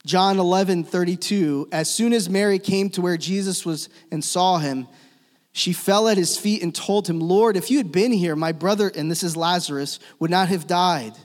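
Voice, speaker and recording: A man preaching a sermon as a pastor, swinging between loud emphatic lines and hushed, slow ones. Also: high voice. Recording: long reverb of a church hall.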